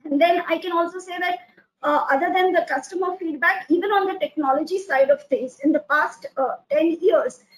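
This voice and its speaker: High-voiced woman, halting with fillers. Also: low-quality recording. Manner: hesitant, many filler "uh"s and restarts. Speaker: company founder and CEO, guest. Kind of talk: webinar panel talk.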